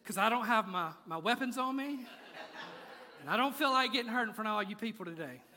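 A man's voice: sits high, expressive, brisk, pushed and bright. A man preaching a sermon in a church, moving from playful asides to intense, rising appeals. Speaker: pastor. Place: church sanctuary. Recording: large hall with long reverb.

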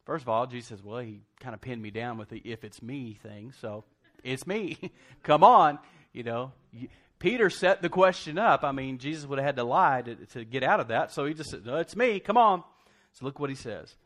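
A man's voice: mid-range voice, animated, normal speed, few pauses, fairly bright tone. A man preaching a sermon, telling the story conversationally and in a folksy way, acting out quotes and laughing often. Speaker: pastor.

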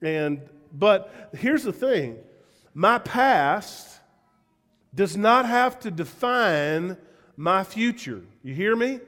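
High-voiced Southern pastor in a reverberant hall. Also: male voice, lively intonation, very slow, fairly bright tone. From Southern United States. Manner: earnest and emphatic, addresses listeners directly with repeated questions. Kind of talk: conversational sermon.

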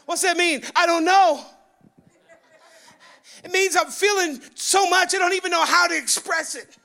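High, bright-voiced excitable preacher man. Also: a little slow, creaky. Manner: loud, excitable preaching that rises into yelling. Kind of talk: sermon. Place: church sanctuary.

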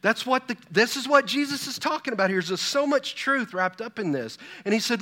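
A man's voice: very high voice, animated, a little fast, few pauses, bright, forceful tone. A pastor in his fifties preaching a sermon, full of rhetorical questions and personal stories. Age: 50s.

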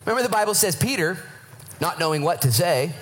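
An excited man preaches to his congregation, his voice leaping around as he tells the story. He sits a little high for a man and acts out little voices along the way. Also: quick pace, a little hiss or hum, rough recording. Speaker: pastor. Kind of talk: sermon.

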